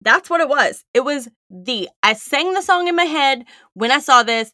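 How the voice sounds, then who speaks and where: Bright, earnest woman, close dry sound. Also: high voice, expressive, moderate pace, no echo. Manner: earnest, matter-of-fact, reports findings. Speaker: podcast co-host. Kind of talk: casual chat.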